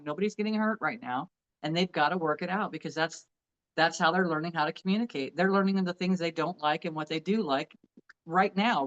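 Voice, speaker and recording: Earnest middle-aged woman sharing warmly. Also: sits low, muffled recording. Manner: earnest, heartfelt, with restarts. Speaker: co-host. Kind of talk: casual chat.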